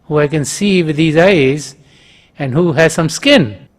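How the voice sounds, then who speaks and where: A man's voice: a little high, a little slow. A man doing a frightened young boy calling out. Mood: scared. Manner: pleading, calling out.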